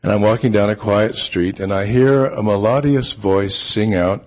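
A man with a fairly low voice tells a personal anecdote as an author addressing his readers. He speaks in an unhurried, easygoing way, pausing often with ums as he goes. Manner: relaxed, unhurried, with frequent ums. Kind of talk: storytelling talk.

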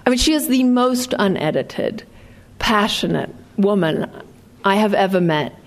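A woman's voice: mid-range voice, lively intonation, unhurried. Woman author, wry and dry. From born in England. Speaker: author reading her memoir. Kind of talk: memoir reading, then casual talk.

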